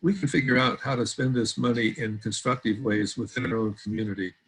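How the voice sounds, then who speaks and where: A man speaking at a board meeting on a video call, measured and stumbling now and then over his words. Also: mid-range voice, steady tone, a bit bright, husky, low-quality recording. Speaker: board member. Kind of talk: virtual board meeting remarks.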